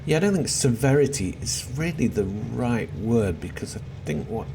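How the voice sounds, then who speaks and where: A man's voice: mid-range voice, animated, moderate pace, creaky. A middle-aged man giving chatty, self-deprecating gameplay commentary, often muttering to himself as he plays. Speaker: let's play host. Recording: noisy background with seagulls.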